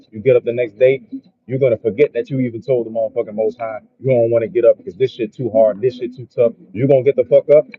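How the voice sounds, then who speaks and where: A man's voice: medium pitch, breathy edge, narrow, tinny audio. A man giving a profane, repetitive motivational monologue in a casual vlog. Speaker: motivational vlogger.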